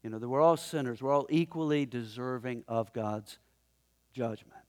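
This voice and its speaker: A man preaching a sermon in a conversational, animated way, often chuckling as he talks to the congregation in the room. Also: medium pitch, normal speed. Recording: long hall reverb.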